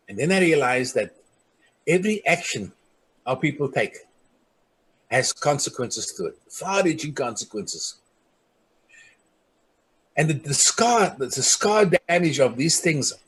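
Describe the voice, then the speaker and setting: An earnest man with a husky, somewhat high voice tells stories from his community. He acts out the people he quotes and drops soft and low on the grave points. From South Africa. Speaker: traditional community leader. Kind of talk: personal storytelling speech.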